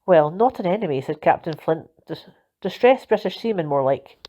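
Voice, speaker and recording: A woman's voice: on the low side, lively intonation, moderate pace, warm tone. A woman voicing a mild, apologetic middle-aged uncle in a storybook reading, earnest and contrite. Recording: dull lo-fi recording.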